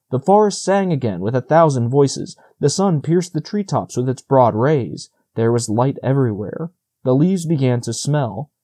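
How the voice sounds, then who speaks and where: A man reads a storybook audiobook aloud in a steady, measured way. His voice is mellow and relaxed, set at an ordinary middle pitch for a man. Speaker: audiobook narrator. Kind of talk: storybook narration.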